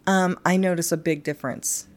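A woman co-hosting a podcast in casual chat, playful and quick to laugh. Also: lowish voice, steady tone, darkish tone. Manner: chatty, laughs often, playful. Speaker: podcast co-host.

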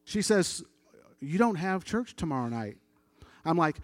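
A middle-aged man gives a church testimony in a relaxed, chatty storytelling voice that sits a bit higher than most men's. He acts out the voices in his story as he goes, and the sound is dry and close, with no room echo. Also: normal speed. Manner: conversational, animated retelling with quoted dialogue. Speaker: church member giving testimony.

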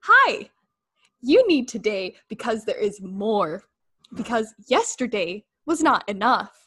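A woman doing an impression of a cheerful artificial assistant woman in a bright, chirpy, very high voice. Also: sing-song, slow, breathy edge, no room sound, studio quality, heavily acted.

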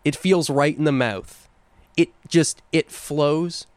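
A man's voice: fairly high pitch, slow, a little mellow, dry recording. A young man co-hosting a podcast, chatting casually and playfully, savoring the words he talks about. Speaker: podcast co-host. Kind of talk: casual chat.

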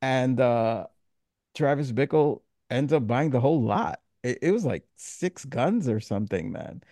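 A man's voice: medium pitch, big pitch swings, unhurried, warm tone, no room sound, clean studio sound. A man co-hosting a casual movie podcast who retells scenes in a laid-back way and swears freely. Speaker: podcast co-host. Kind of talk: casual film discussion.

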